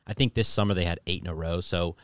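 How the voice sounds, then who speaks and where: A man, a guest golfer, talking in a relaxed and plain way in a casual podcast interview. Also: deep voice, fast, no echo. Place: podcast studio.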